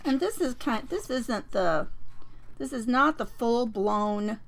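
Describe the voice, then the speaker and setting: A woman hosting a papercraft live stream, chatting casually and rambling with many fillers and restarts, her voice a bit croaky. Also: on the high side, lively intonation, slow. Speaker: host of a papercraft livestream.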